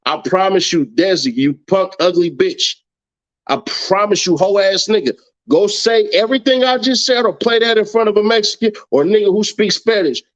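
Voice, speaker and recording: On a late-night livestream with dull, lo-fi audio, a high-voiced man speaks at a moderate pace as host. He's brash and mocking, ranting profanely at his critics and laughing a lot.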